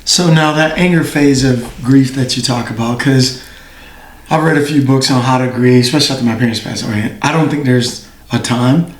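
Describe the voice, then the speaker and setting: A man hosts a casual podcast interview at an ordinary mid-range pitch. He is supportive and often chimes in with short affirmations. The room around him has a noticeable echo. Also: moderate pace. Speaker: podcast host.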